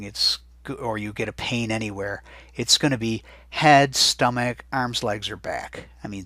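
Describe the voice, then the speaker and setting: A man teaching a recorded Spanish vocabulary lesson in a chatty way, saying each word slowly and more than once so students can write it down. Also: on the low side, pushed and bright, no room sound.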